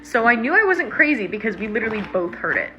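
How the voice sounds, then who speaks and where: A woman in her thirties telling her own eerie experience in a casual, animated way, acting out what people said. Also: a little high, fast talker, highs cut off. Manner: animated, retelling with quoted voices and fillers. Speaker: storyteller sharing a personal experience. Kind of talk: casual first-person storytelling.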